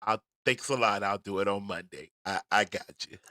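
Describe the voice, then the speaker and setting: A man hosting a casual commentary livestream, talking in an animated, emphatic way with frequent stammers and restarts. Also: lowish voice, normal speed, dry recording, clean studio sound. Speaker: host.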